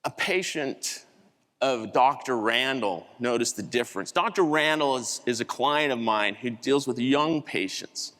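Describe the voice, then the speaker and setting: A man giving a keynote talk, telling a story in an animated way and acting out the voices of the people in it. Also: medium pitch, a little slow. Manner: animated storyteller, acts out quotes. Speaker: keynote speaker. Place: large conference hall. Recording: hall reverb.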